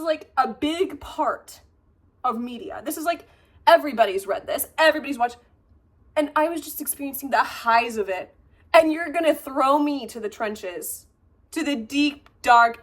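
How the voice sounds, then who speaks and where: Excitable young woman vlogging, kinda high voice, lots of likes and swearing. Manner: gushing, excitable, swears, many fillers. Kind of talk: casual chat and book unboxing.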